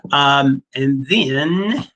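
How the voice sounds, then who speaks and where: A man's voice: mid-range voice, drawn-out words, a bit bright, highs cut off. A man teaching a history class in a casual, joking way, with many fillers and asides. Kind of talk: classroom lecture.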